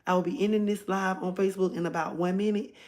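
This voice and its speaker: A woman's voice: mid-range voice, fairly even intonation, quick pace, a little mellow. A woman chatting casually on a phone livestream, rambling and talking straight to her viewers. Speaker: livestream host.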